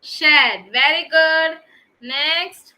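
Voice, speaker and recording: A kindergarten teacher, her voice very high and bright, patiently quizzing little ones by name. She speaks in a slow, encouraging classroom way during an online lesson. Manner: patient, questioning children by name.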